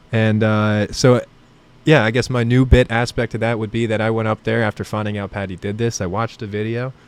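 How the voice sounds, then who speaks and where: A man's voice: medium pitch, clear, resonant tone. A young man, a comedian from New Jersey, rambling through stories with laughs in a casual podcast chat. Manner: rambling storytelling, self-deprecating, laughs often. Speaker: comedian guest.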